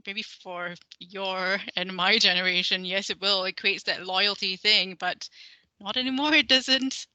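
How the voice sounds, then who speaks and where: A woman with a very bright, sharp voice, recorded close and dry. She co-hosts a casual podcast chat and talks hesitantly, often restarting her sentences. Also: medium pitch, fairly even intonation, a little slow, no echo, poor audio. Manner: hesitant, many fillers and restarts, laughs it off. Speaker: podcast co-host.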